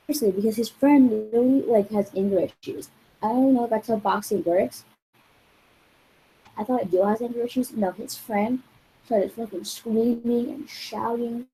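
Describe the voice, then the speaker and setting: A woman's voice: on the high side, moderate pace, warm tone, a little hiss or hum, poor audio. A woman vlogger telling a rambling, exasperated story in casual talk, full of swearing and "like". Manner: rambling and profane, heavy use of "like".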